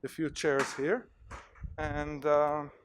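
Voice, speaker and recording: A male university lecturer giving an animated lecture in a hall, telling stories and acting out examples with plenty of fillers. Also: a little high, takes it slowly, a little hiss or hum. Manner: animated storytelling, acts out cheers, many fillers.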